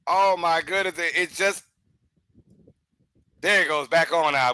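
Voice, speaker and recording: Excitable bright-voiced man calling a game. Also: measured pace, pauses often, smooth, no room sound, rough recording. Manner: excitable, breaks into loud outbursts and laughter; chatty, drifts into side talk between pitches. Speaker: host of a live game watch-along stream. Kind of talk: casual live play-by-play commentary.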